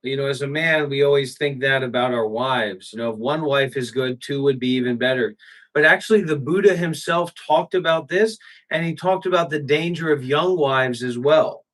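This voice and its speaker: A man's voice: medium pitch, steady tone, moderate pace, fairly bright tone, rough recording. A man hosting a livestream, ranting profanely and talking back to his chat. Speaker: livestream host. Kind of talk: casual livestream rant.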